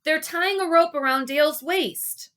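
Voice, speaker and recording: A woman doing a nervous young boy in a storybook, yelling questions in a raised, higher voice. He is jittery and unsure, pushing out nervous jokes. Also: a little slow. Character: Wally, a nervous boy without glasses.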